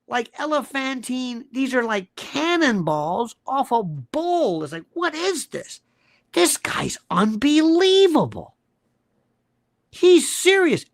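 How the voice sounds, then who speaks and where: A man's voice: gravelly, a bit bright, no echo, studio quality. An older man hosting political commentary, ranting in a blunt, crude and mocking way. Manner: blunt, crude and mocking, shifts pitch a lot.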